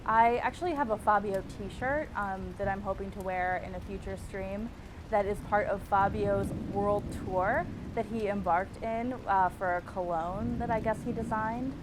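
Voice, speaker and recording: A woman's voice: mid-range voice, normal speed, noisy background. Wry, chatty woman hosting a stream. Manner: chatty, wry and self-mocking. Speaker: host. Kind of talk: casual livestream chat.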